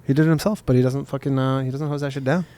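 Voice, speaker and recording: A man co-hosting a comedy podcast, trading quick comebacks and laughing often. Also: medium pitch, steady tone, warm tone, dry recording. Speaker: podcast co-host. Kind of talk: casual comedic podcast banter.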